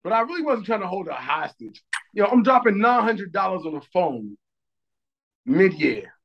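A man with a high, gravelly voice, talking in loose, profane podcast banter. His pitch swings all over the place as he acts out the other people in his story. The delivery is lively and unfiltered. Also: normal speed, muffled recording. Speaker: podcast co-host. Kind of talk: casual chat.

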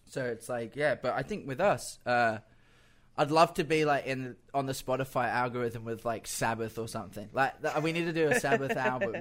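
A man, a guest musician telling stories in casual chat and acting out quotes with lively voices. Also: mid-range voice, normal speed. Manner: animated storyteller who acts out quotes.

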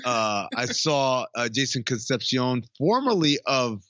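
A man's voice: mid-range voice, sing-song, measured pace, a bit bright, no echo. A man co-hosting a podcast in a loose, casual chat, swearing freely and laughing often. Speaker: podcast co-host.

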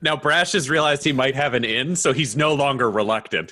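A man's voice: mid-range voice, brisk, few pauses, bright, forceful tone. A man playing a tabletop game, explaining his moves in easy, chatty talk. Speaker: player. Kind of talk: casual tabletop play.

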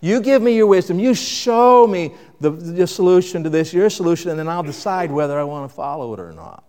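Male pastor, slightly high voice, dynamic sermon delivery, reverberant church hall. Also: animated, brisk. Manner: dynamic, swings between loud emphasis and quiet reflection.

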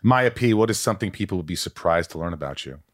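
A man hosting a podcast, reading listener questions rapid-fire in casual chat. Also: low voice, expressive, no echo, clean studio sound. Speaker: podcast host.

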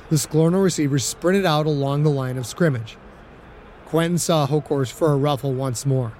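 A male narrator tells an audiobook story in an even, steady manner. He has a slightly higher voice than typical for a man, and a low hum of noise runs under the track.

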